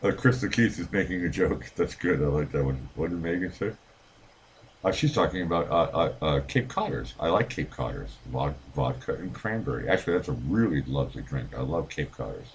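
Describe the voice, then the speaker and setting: A man's voice: extremely low pitch, lively intonation, brisk, slight background noise. A middle-aged man hosting a livestream, reading out viewer comments and rambling in a casual, profane way with frequent laughs. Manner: rambling, swears freely, laughs often. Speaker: livestream host reading chat.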